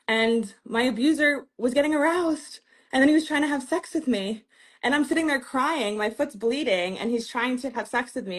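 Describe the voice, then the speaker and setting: A woman's voice: mid-range voice, a bit bright. A woman therapist hosting a candid conversation, speaking frankly and openly about her own experiences. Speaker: therapist and host.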